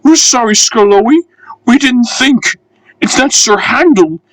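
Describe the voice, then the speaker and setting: A man doing squeaky whiny railway coaches. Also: lively intonation, a little slow, a bit bright, dry recording, heavily acted. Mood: meek. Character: rude, sulky passenger coaches, childish.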